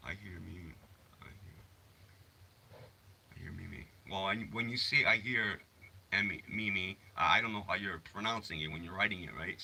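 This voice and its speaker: A man's voice: low voice, creaky, bright, forceful tone, slight background noise. A man hosting a casual livestream from his phone, rambling, swearing freely, and answering chat messages. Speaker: livestream host.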